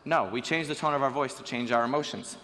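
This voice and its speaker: A teenage boy giving a lively, joking talk on stage to a school audience. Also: medium pitch, fast talker. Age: teens. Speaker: student speaker. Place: school auditorium. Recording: reverberant hall with faint ambience.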